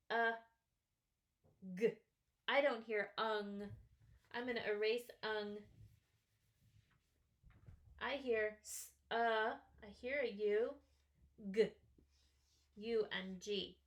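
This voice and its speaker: Woman, first grade teacher, slightly high voice, slow and patient, sounds out every word part. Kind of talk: slow, clearly sounded-out phonics lesson. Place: classroom or home, writing on a small board.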